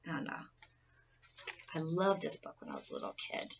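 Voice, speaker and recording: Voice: medium pitch, wildly swooping pitch, moderate pace, gravelly, muffled recording, slight background noise. A person giving an informal presentation speech in a rambling, casual way, often restarting sentences, recorded from a distance.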